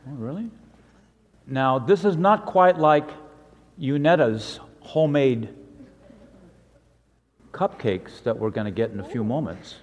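A middle-aged male pastor speaks in a gentle, conversational way, leading a children's sermon and prayer. His pace is slow and relaxed, with a mid-range voice. The sound hangs in the long reverb of a church sanctuary. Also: medium pitch.

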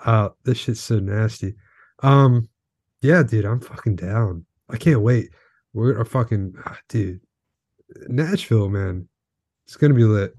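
A man's voice: on the low side, a little slow, a little mellow, husky, no room sound, studio quality. A young man co-hosting a podcast, swearing constantly in crude, laid-back banter. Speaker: podcast co-host. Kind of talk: casual chat.

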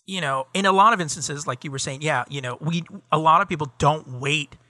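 Middle-aged male podcast co-host with a bright, fairly high voice. Rambling and heated, swears freely, casual chat. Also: fairly quick, no echo. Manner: rambling, profane, heated ranting with many fillers.

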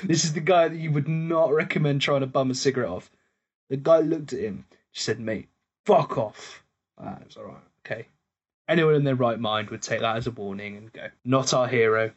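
A man co-hosts a relaxed pub podcast. His voice is slightly husky and sits at an ordinary pitch, and he tells stories animatedly, laughing and swearing freely. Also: fairly quick, dull audio. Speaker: podcast co-host. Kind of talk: casual pub chat.

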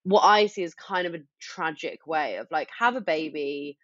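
A woman's voice: sits low, normal speed, fairly bright tone, dry recording. A woman in her twenties ranting animatedly in a casual chat. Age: 20s. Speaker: podcast co-host. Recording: dull dry sound.

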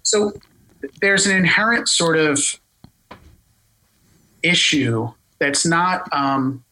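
A man with a Philadelphia accent explaining a technical product in an interview, talking fast and full of jargon. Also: a little high, big pitch swings, sharp tone, low-quality recording. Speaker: tech company guest explaining voice AI.

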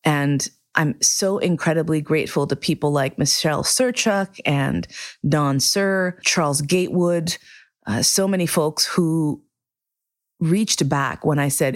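A middle-aged woman hosting a podcast, telling a candid, profane personal story with lively acted-out quotes. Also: sits low, measured pace. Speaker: podcast host.

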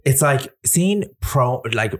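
A man's voice: lively intonation, slow pace. A man with an Irish accent, co-hosting a podcast in casual chat, telling rambling stories and mimicking people. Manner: chatty storyteller, mimics people in high voices. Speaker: podcast co-host.

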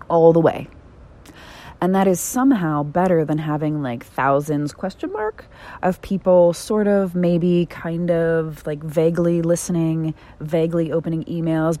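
A woman hosting her own podcast, talking candidly and bluntly, swearing freely and swinging between soft, tender phrasing and emphatic outbursts. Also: low voice. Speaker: podcast host. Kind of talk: candid solo podcast monologue.

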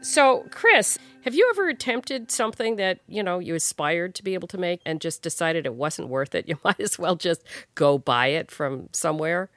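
A woman's voice: lowish voice, animated, normal speed, hardly any pauses, a bit bright, faint music behind. A woman co-host asking a casual question. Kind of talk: casual chat.

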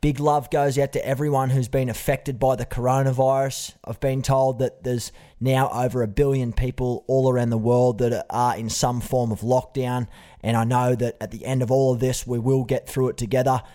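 A man's voice: medium pitch, flat delivery, moderate pace, dark tone. An Australian man hosting a podcast interview, friendly and matey, calling his guest "mate" often. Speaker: podcast host.

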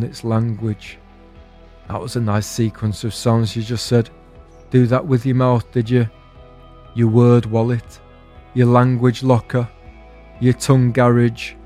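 Deadpan man with wry spoken-word musings. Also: medium pitch. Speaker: comedian and podcast host. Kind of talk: scripted spoken-word comedy monologue.

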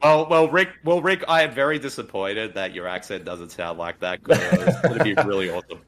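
An Australian man hosts a podcast in casual chat. He is upbeat and animated, and his voice rises and falls a great deal. He often repeats a word for emphasis. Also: lowish voice, brisk, crowd noise. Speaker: podcast host.

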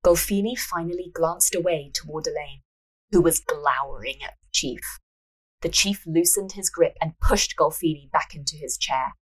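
A woman's voice: low voice, husky, rough recording. A woman hosting a podcast, narrating a story and joking around between reading. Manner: playful, quick asides. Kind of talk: reading a story aloud with banter.

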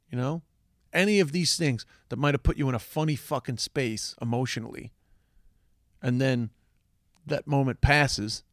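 Gravelly man ranting with swearing. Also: medium pitch, no room sound, clean studio sound. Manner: heavy swearing, rambling restarts, impassioned. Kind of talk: casual opinion monologue.

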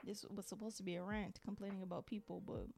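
A woman's voice: mid-range voice, little pitch movement, fast talker, gravelly, darkish tone, faint music behind. A woman hosting her podcast, ranting solo in an exasperated, sarcastic way and repeating words for emphasis. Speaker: podcast host. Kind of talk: solo diary-style rant.

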